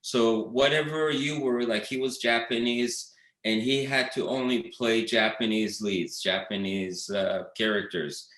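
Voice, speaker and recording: A man talks casually as an interview guest, rambling through anecdotes with frequent fillers and restarts. His pitch sits in the middle range. The recording carries a noticeable roomy echo. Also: unhurried, fairly bright tone. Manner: rambling storytelling with many fillers. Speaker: documentary director, guest.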